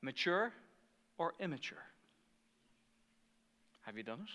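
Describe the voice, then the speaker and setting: A man preaching a sermon as pastor, telling stories animatedly and swinging from hushed asides to fired-up passion. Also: on the high side, sing-song, slow, big-room sound.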